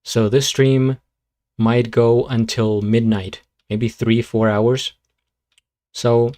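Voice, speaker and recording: A man hosting a live reaction stream, chatting at an unhurried pace. He drifts between thoughts, corrects himself and fills the gaps with ums and likes. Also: mid-range voice. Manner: relaxed, rambling, lots of fillers and self-corrections. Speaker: streamer reacting to beatbox videos. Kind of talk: casual live-stream commentary.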